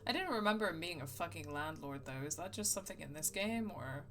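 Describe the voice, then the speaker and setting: Let's play host: woman, lowish voice, casual wry commentary, swears freely. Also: animated, quick pace, background noise. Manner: wry, swears, self-mocking asides.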